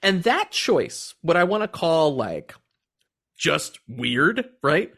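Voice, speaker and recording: A man's voice: on the high side, big pitch swings, slow pace, creaky, a bit bright, husky. A man hosting a movie podcast, chatting casually and animatedly, swearing now and then and laughing often. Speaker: podcast host. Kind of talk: casual movie review chat.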